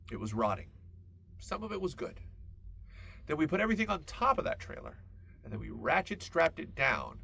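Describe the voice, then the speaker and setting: Gravelly man on a rambling comic monologue. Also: mid-range voice, slight background noise. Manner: rambling, absurd tangents, deadpan asides. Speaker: podcast host. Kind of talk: comedic podcast monologue.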